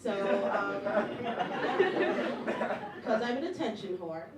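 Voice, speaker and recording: A woman's voice: medium pitch, big pitch swings, extremely slow, over a noisy crowd. A young woman performing a stand-up comedy set, chatty and self-mocking, laughing often between lines. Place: comedy club stage with audience. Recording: echoey room, mic heard from a distance, audience noise.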